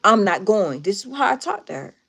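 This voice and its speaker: A woman chatting on a live stream, recounting a personal story with emphatic repetition. She is animated and direct with her viewers, and her voice sits at an ordinary middle pitch for a woman. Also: fairly quick, creaky, breathy edge.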